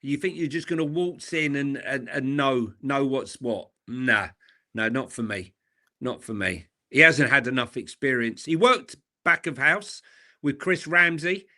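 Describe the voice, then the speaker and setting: A man's voice: mid-range voice, unhurried, pushed and bright. A man who is a guest on a football chat show and gives blunt, opinionated takes. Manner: blunt, opinionated, says "mate" a lot.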